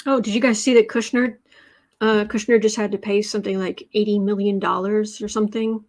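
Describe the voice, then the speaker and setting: A woman's voice: medium pitch, level tone, a little fast, a little mellow. An American woman hosting a tarot livestream, chatting casually and sarcastically while reading out viewer comments. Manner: chatty, sarcastic, mocking asides. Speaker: tarot reader livestream host.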